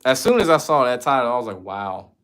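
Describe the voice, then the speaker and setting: A man's voice: medium pitch, lively intonation, racing, a bit bright, clear, resonant tone. A man from the United States chatting casually as a streamer, answering viewer questions in a loose, slangy, profane way. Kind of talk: casual chat.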